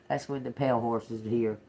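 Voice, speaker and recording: A man's voice: mid-range voice, darkish tone, slight background noise. Chatty, cussing livestream tarot reader man. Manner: chatty, talks straight to viewers, laughs often; swears, snaps back at chat commenters. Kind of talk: casual livestream tarot reading.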